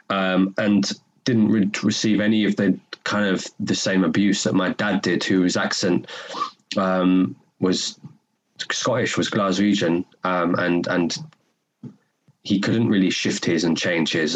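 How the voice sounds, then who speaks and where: A young man with a North London accent and a low-pitched voice chats casually as a podcast guest, earnest and rambling, repeating many words. The recording is rough, with slight background noise.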